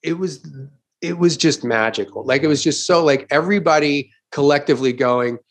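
A man's voice: a little high, normal speed. A middle-aged man, a stand-up comedian, telling a story in casual chat, swearing often and acting out the crowd's reactions.

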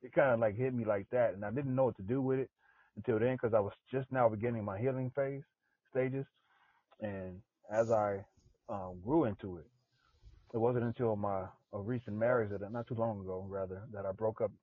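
Low-voiced husky male guest, earnest and repetitive, tinny dry phone-line sound. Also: fairly even intonation, no room sound. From South Central Los Angeles. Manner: earnest, repeats himself, halting. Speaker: podcast guest. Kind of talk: casual personal storytelling.

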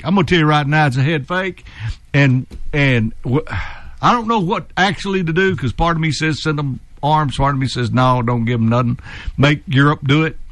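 A man co-hosts a talk show, blunt and rambling as he makes his case. His voice is a touch high, recorded dry and close. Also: fairly bright tone, dry recording. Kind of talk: opinionated talk show discussion.

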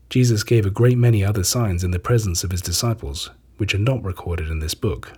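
A man reading scripture aloud in a measured, solemn manner. His voice is very husky and breathy, sitting fairly low. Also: darkish tone. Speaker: scripture reader.

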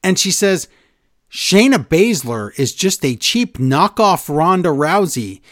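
Guy recapping wrestling on a podcast, jumps all over his pitch doing the voices, kinda high, dry close sound. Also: slow, dry recording. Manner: animated, acts out quotes with voice changes. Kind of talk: casual chat.

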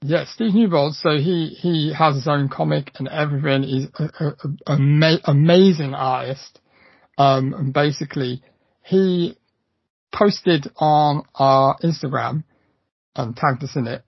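A man co-hosts a horror podcast in loose, eager chat, stumbling through fillers and restarts. His voice has a gravelly, husky edge. It is recorded close and dry on a slightly dull mic. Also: fairly high pitch, unhurried, no echo. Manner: enthusiastic, lots of fillers and restarts. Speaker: podcast co-host.

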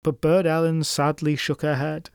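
A man's voice: fairly high pitch, flat delivery, normal speed, creaky, darkish tone, smooth, no room sound, clean studio sound. A man narrating a folklore tale in scripted style, dramatic with wry asides to the listener. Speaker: storyteller host.

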